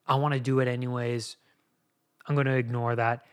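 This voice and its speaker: A man in his thirties talks through his own recovery on a podcast, earnest and confessional. His voice sits at an ordinary middle pitch, and he often circles back and restarts his phrases as he works through a thought. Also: flat delivery, normal speed, smooth. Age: 30s. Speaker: podcast host. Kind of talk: personal recovery monologue.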